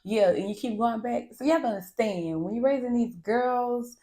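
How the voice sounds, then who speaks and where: A woman hosting a podcast, talking candidly and bluntly about parenting, swearing freely in a lively, animated way. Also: fairly high pitch, normal speed. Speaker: podcast host. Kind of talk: candid monologue.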